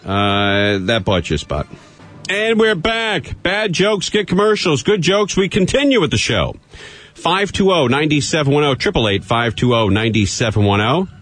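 A man hosting a live call-in radio show, brisk and wisecracking. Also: on the high side, very animated, fairly bright tone, faint music behind. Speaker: radio talk show host.

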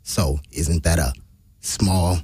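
An extremely deep male voice, husky and dry, pushing back in a casual group discussion. He holds his ground firmly and repeats his claims to make them stick. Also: slow pace, darkish tone, no room sound. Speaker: discussion participant.

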